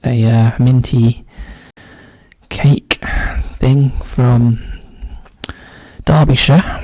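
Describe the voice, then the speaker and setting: A man solving a crossword muses aloud in casual solo commentary, often dropping to a quiet mutter. His voice is dark, gravelly and medium-pitched, and the recording is dry and close with no room echo.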